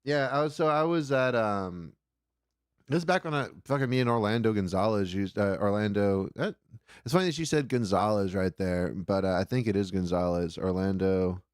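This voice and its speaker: A man's voice: on the low side, moderate pace, clear, resonant tone, dry recording, clean studio sound. A man telling a rambling, profane story in casual chat on a comedy call-in podcast.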